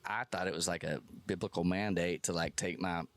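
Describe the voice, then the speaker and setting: Low-voiced man telling a funny story. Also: a little fast, dry recording. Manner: animated, self-deprecating storyteller. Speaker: musician guest. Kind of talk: casual storytelling interview. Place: music festival.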